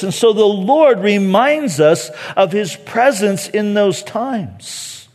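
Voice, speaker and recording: A man's voice: high voice, animated, slow, few pauses, a little mellow. A man preaching a sermon as pastor, earnest and repeating key phrases for emphasis. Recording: long reverb of a large hall.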